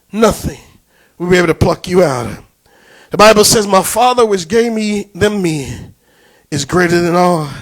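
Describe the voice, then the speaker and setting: Middle-aged New York pastor, high voice, church preacher who builds to shouted refrains. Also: male voice, rough recording. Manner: preaching with rising, shouted passages and repeated refrains; frequent "uh" fillers and restarts. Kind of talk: sermon.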